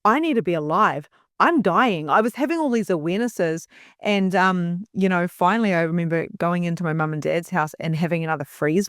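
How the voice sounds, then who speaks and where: A woman's voice: lowish voice, fairly quick, dry recording, clean studio sound. A middle-aged woman, a guest on a podcast, telling a personal story in an earnest, emotional way with frequent restarts. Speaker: podcast guest, spiritual mentor.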